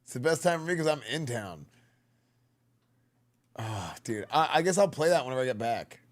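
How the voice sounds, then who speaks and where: A man's voice: mid-range voice, very animated, moderate pace. A man streaming live, chatting casually with viewers and laughing often as he reacts to clips.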